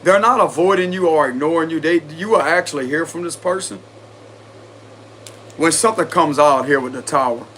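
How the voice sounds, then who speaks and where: A man's voice: on the high side, moderate pace, sharp tone, a little hiss or hum. A man with a Cajun accent doing a casual tarot reading, chatty and confident, often repeating himself. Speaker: tarot reader.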